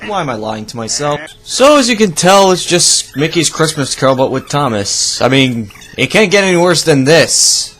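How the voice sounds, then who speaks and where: A man's voice: on the high side, big pitch swings, moderate pace, few pauses, a bit bright, slight background noise. A man giving sarcastic, profane reaction commentary on a video, ranting at what he sees. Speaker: video reviewer.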